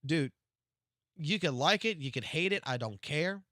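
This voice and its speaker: A man streaming live, reacting to game news in a profane, excitable rant that swings from low mutters to loud outbursts. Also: a little slow, dry recording, studio quality.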